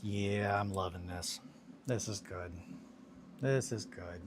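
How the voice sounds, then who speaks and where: A man's voice: fairly low pitch, slow pace. A man in his thirties hosting a hobby stream, chatting casually in a rambling, self-deprecating way while he works on miniatures. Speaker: hobby livestream host. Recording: noticeable background noise.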